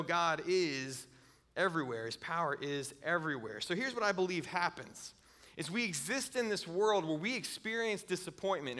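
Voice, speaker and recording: A man's voice: fairly high pitch, bright, forceful tone. A middle-aged man preaching a sermon, earnest, often repeating words and chuckling as he goes.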